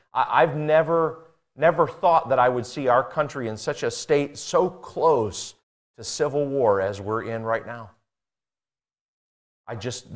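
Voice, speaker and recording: A man preaching a sermon, reading scripture aloud and speaking earnestly, swinging between emphatic high peaks and quiet low passages.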